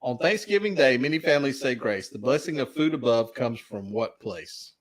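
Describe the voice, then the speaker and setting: Animated Southern-accented male trivia host. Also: mid-range voice, moderate pace. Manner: animated, chuckling, reads questions aloud. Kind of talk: casual live-stream chat.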